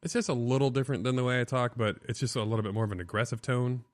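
A man's voice: mid-range voice, fairly even intonation, racing, no echo, studio quality. A man who grew up on the Illinois-Wisconsin border, talking casually as a podcast guest, rambling with lots of "like". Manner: casual, rambling, says "like" a lot. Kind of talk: casual chat.

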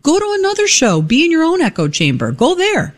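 A woman's voice: high-pitched, huge pitch swings, fairly quick. Emphatic woman talk radio co-host.

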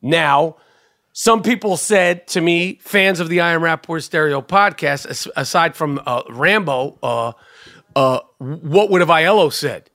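A man's voice: on the high side, measured pace, pushed and bright, dry recording, clean studio sound. A man co-hosting a podcast in casual chat, profane and full of stumbling restarts. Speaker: podcast co-host.

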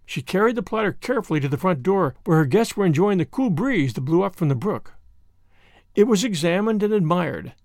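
Expressive man reading a story. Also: high voice, a little fast, dry recording, studio quality. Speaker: narrator.

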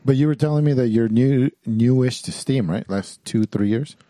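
A man hosting a casual gaming podcast, relaxed and calling people dude as he steers the talk. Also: medium pitch, normal speed, no room sound. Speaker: podcast host. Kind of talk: casual chat.

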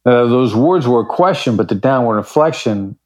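A man with a mid-range, slightly mellow voice speaks at a normal pace with animation. He's a negotiation expert appearing as a podcast guest, and in this conversational interview he sounds confident and emphatic, acting out brief examples as he explains.

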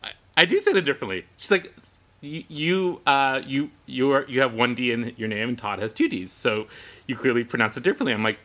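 A man's voice: medium pitch, brisk. A man co-hosting a podcast, telling stories in casual chat, laughing and acting out what others said. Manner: animated, laughing storyteller who acts out quoted voices. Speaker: podcast co-host.

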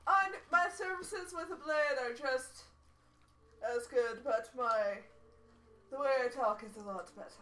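A woman's voice: high-pitched, fairly bright tone, a little hiss or hum, full character voice. A woman playing a smug flirtatious swordsman. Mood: boastful. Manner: boastful, slow theatrical delivery. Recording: echoey room, far from a single mic.

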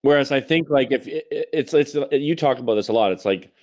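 A man's voice: medium pitch, lively intonation, a little fast, a little mellow. A man in a casual podcast conversation, agreeable and often chiming in with short affirmations.

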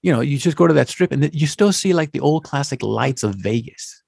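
A man in his fifties chatting casually and rambling about the old days, with a gravelly, slightly husky voice and animated bursts. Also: medium pitch, a little fast, dry recording, studio quality. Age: 50s. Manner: animated, rambling, slips into Spanish exclamations. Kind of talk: casual chat.

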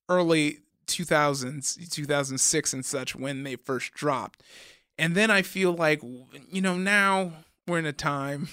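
Bright-voiced young man in animated chat. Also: a little high, clean tone, dry recording, studio quality. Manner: animated, stumbling restarts, laughing often. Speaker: podcast co-host. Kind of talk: casual gaming chat.

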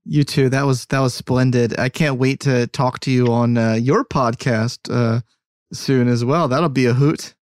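A man's voice: medium pitch, steady tone, measured pace, darkish tone. A man hosting an interview podcast, mostly affirming his guest with short responses before closing the episode. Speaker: podcast host.

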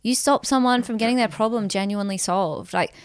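A woman's voice: a little high, a little fast, no echo, clean studio sound. A woman co-hosting a comedy podcast, blunt and sweary as she scolds callers. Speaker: podcast co-host. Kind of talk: comedy advice podcast banter.

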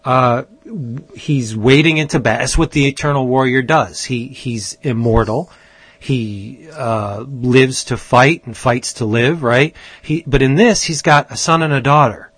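A man's voice: medium pitch, unhurried, fairly bright tone, husky, dry recording. A man hosting a casual comic book chat, enthusiastic and rambling, often restarting his sentences. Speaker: comic book podcast host.

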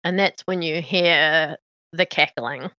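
A woman narrates a tabletop game as game master, taking her time over each line. Her voice is bright and a little low, recorded dry and close. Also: takes it slowly, no room sound.

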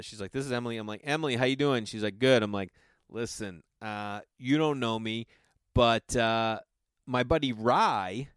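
A man's voice: smooth, dry recording, clean studio sound. A middle-aged man telling a long comic story, acting out the voices of the people in it. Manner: animated, acts out quoted friends with big pitch jumps. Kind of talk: storytelling stand-up.

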